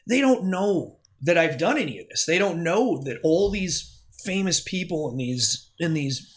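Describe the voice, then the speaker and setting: A man's voice: on the high side, expressive, normal speed. Man telling a rambling club story. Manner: rambling, restarts, acts out quoted dialogue. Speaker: podcast guest, former club DJ. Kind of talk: casual storytelling interview.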